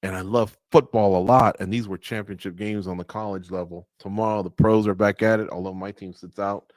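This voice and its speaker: A man's voice: lowish voice, fairly even intonation, a little fast, dry recording. A man co-hosting a sports radio show, chatting casually and telling stories, acting out quotes and laughing at his own jokes. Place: studio.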